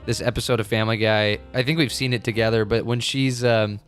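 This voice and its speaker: A man co-hosting a casual movie review podcast. He talks loosely and animatedly and swears in passing. His delivery is relaxed and conversational. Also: mid-range voice, a little fast, clear, resonant tone, soft background music. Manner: animated, swears casually, acts out quoted lines. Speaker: podcast co-host.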